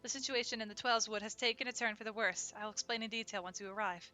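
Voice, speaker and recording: A woman voicing a calm, earnest woman leader in a game, urgent but composed. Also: on the high side, fast.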